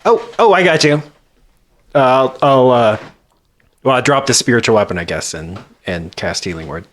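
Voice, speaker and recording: A man playing a tabletop game, talking in an unhurried, amused way. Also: medium pitch, expressive. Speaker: player. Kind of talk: casual tabletop play.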